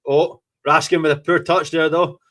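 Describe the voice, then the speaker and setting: Here the Scottish host of a fan podcast keeps up a running live commentary on a football match at normal speed, with a fairly high, slightly raised voice. He swears freely, gloats, and is carried away by each twist of play.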